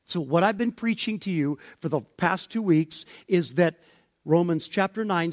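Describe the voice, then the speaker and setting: A male pastor preaching a sermon, building to emphatic near-shouts when he voices objections. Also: high-pitched, no echo, studio quality.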